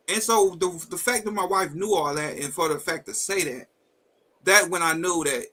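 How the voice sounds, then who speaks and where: A man with a high, bright, forceful voice tells a heated personal story on a live talk stream. He is blunt and profane and acts out each line of quoted dialogue. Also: fairly quick, rough recording. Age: adult with a wife and kids. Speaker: host. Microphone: video call setup.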